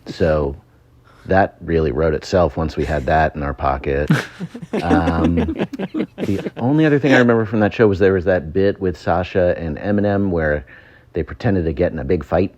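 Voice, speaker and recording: A man's voice: deep voice, darkish tone, dull audio. A man telling a rambling anecdote in a voice note, full of ums and chuckles. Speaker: former show writer sending a voice note. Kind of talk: casual anecdote. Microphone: phone voice memo.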